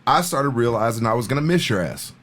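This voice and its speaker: A man's voice: mid-range voice, expressive, fast, fairly bright tone. A man in his thirties hosting a podcast, telling stories in a rambling, profanity-laced casual chat. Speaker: podcast host.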